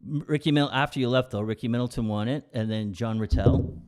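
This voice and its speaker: A man's voice: medium pitch, a little fast, a little mellow. A middle-aged man hosting a podcast in a casual chat, steering the talk with easygoing, filler-filled prompts. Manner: easygoing, prompts the other speaker, trailing filler-heavy sentences. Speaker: podcast host.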